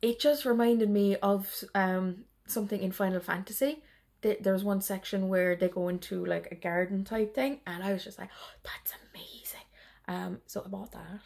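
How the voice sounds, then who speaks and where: Chatty woman with a gravelly voice. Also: medium pitch, darkish tone. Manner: rambling, chatty, laughs often. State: tired. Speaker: cross-stitch vlogger. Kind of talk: casual chat.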